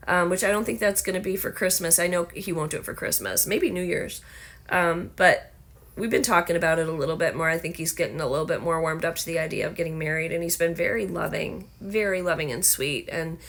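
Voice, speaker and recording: A woman with a Southern American accent and a hoarse, scratchy voice, chatting casually and rambling to her camera at home. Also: lowish voice. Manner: chatty, rambling with many fillers. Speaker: vlogger. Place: home, indoors.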